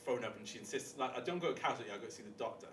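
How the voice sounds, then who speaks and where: A young man telling lively, crude stories from his past as a podcast guest, acting out what people said in loud voices, laughing and swearing. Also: medium pitch, racing, far from the mic, a little hiss or hum. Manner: animated anecdotes, acts out quotes loudly, laughs, swears. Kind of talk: casual storytelling chat.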